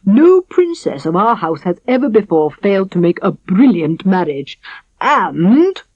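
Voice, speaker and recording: A woman voicing a blustering, quick-tempered king in a storybook reading, with slow, booming, indignant delivery. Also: big pitch swings, darkish tone, no echo. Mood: exasperated. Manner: booming, drawn-out indignant speech. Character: blustering cross middle-aged king. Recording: dry, slightly dull studio recording.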